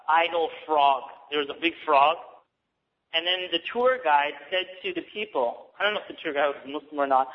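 A man with a high voice gives a casual religious talk, chatty and quick to laugh as he acts out little scenes. The sound is dull and carries a long reverb from a large hall. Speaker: Islamic teacher.

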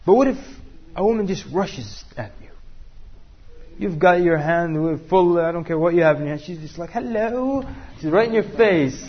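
A man's voice: a little high, moderate pace, dull audio. A man teaching a class, joking and asking the room questions. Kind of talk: interactive class talk with students.

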